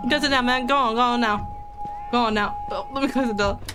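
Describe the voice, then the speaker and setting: A young woman with a fast, higher-pitched voice chats with her viewers during a game, music running in the background. Her commentary is casual and chatty, full of giggles and jokes aimed at chat.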